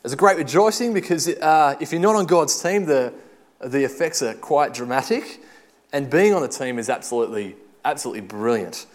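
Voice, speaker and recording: A man preaching a casual sermon, telling chatty, self-deprecating stories in an animated way. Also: medium pitch, fairly quick.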